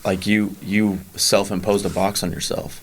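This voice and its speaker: A man's voice: low-pitched, level tone, normal speed. A man co-hosting a podcast in casual conversation, reflecting on what he hears and summing it back to the storyteller. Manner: reflective, gives short reactions and sums up the story back to the teller.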